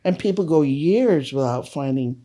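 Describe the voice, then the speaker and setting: An older woman, a holistic health practitioner, telling client stories in an earnest, measured way during a casual interview. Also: sits low, animated, mellow.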